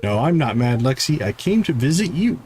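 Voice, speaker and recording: A man doing a shy, gentle young man. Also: medium pitch, very animated, normal speed, husky. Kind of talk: reading game dialogue aloud in voices.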